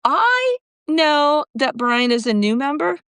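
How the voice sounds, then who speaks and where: A woman co-hosting a casual podcast, her slightly high voice teasing with dry wit. The mic sounds close and dry. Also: very animated, takes it slowly, a bit bright, dry recording. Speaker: podcast co-host.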